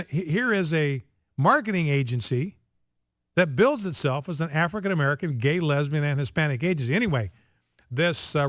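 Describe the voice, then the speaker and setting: A male talk radio host with a slightly high voice, recorded dry and close in a studio. He delivers commentary with emphasis, stretching out key figures and stacking repeated phrases into rhetorical questions. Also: a bit bright, dry recording. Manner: emphatic, slows down to stress figures.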